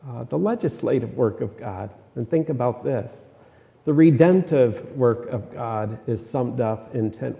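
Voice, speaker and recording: Gravelly preacher in an echoing hall. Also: male voice, mid-range voice. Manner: conversational, emphatic, repeats key phrases. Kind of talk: sermon. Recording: dull sound with long hall reverb.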